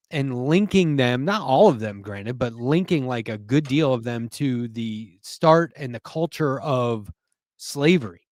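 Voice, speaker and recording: A man, talking loosely in a casual panel chat, rambling and circling back on himself. He has a medium-pitched voice and sounds close and dry. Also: no room sound. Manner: rambling, trails off and restarts, swears casually. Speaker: co-host.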